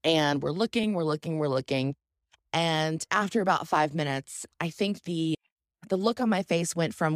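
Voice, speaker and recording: A woman hosting her own podcast, telling a candid, self-deprecating story in a casual, animated way. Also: sits low, moderate pace, no room sound, clean studio sound. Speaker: podcast host.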